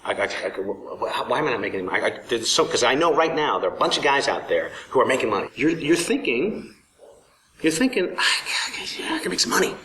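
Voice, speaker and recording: A man's voice: mid-range voice, big pitch swings, quick pace, pushed and bright. A man rambling and stammering casually in a documentary interview, with some swearing. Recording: distant mic, clear background noise.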